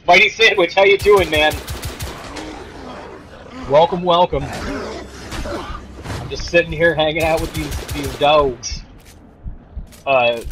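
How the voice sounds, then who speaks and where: A man's voice: a little high, takes it slowly, long pauses, fairly bright tone, a little hiss or hum, low-quality recording. Joking man streaming a video game. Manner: joking, sarcastic, talks to chat viewers. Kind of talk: casual game stream commentary.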